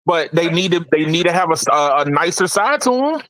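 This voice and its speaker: A man hosting a casual tech podcast, animated, laughing often and repeating words as he talks. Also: on the high side, a little fast, no echo, poor audio. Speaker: podcast host.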